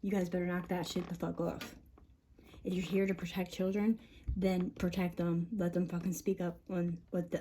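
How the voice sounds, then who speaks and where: A woman's voice: lowish voice, warm tone, slight background noise. A mother venting on camera in a rambling monologue, swearing often, agitated and breaking into laughs between lines.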